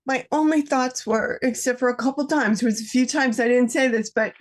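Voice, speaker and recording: A woman on an online call sharing personal experience in a heartfelt, halting way. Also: high-pitched. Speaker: panel participant. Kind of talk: casual online chat.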